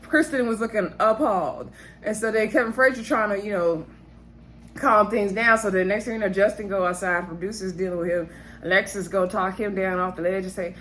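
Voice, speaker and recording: A woman's voice: medium pitch, fairly quick, a bit bright, slight background noise. A woman giving a casual, chatty recap of a reality show episode, speaking straight to her viewers and laughing often.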